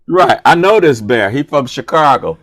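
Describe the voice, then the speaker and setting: A man's voice: mid-range voice, moderate pace, dry recording. A man chatting casually as a co-host, spinning a comic story with playful energy and putting on voices for the people in it. His voice sits mid-range and sounds close and dry, with no room around it. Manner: animated, playful, acts out dialogue. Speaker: comedian and show co-host.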